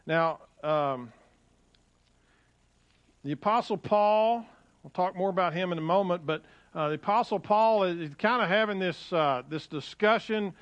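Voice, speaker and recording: A man preaching as a pastor in a church, talking in a folksy, conversational way with frequent restarts, and reading scripture with rising emphasis. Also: a little slow. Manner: rises in pitch and volume when reading scripture aloud. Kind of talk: sermon. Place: church sanctuary. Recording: dull, lo-fi sound.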